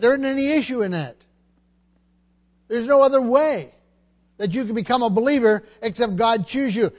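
A man preaching a sermon, emphatic and teaching, often repeating words and asking the congregation questions. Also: very high voice.

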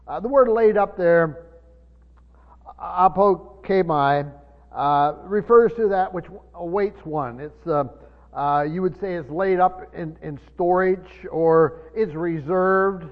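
High-voiced preacher in an echoing hall. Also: male voice. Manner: halting, many fillers and restarts, slows to stress words. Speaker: pastor. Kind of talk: sermon, Bible teaching. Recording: muffled sermon recording in a reverberant hall.

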